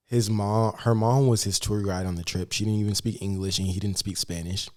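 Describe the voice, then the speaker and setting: Low-voiced chatty male podcast host. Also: fairly even intonation, fairly quick, hardly any pauses, darkish tone. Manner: chatty, many "like" fillers, storytelling. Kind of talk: casual chat.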